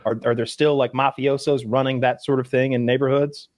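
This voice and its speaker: A man co-hosting a podcast in casual chat, rambling through stories and acting out quotes in loud voices. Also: mid-range voice, little pitch movement, a little fast, no room sound, studio quality. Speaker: podcast co-host.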